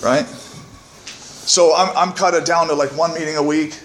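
A man's voice: a little high, steady tone, moderate pace, roomy sound, noisy background. A man telling his own story to a recovery meeting from the podium, candid and self-mocking, swearing freely and often tagging "right?" onto his points. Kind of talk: personal testimony to a meeting. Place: meeting room. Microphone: podium microphone.

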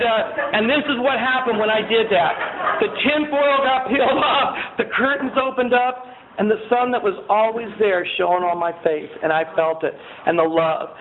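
A man giving a personal testimony at a recovery meeting. He tells his story in an animated way, swinging from loud excitement to quiet earnestness. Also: very high voice. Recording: tinny lo-fi recording with faint hiss.

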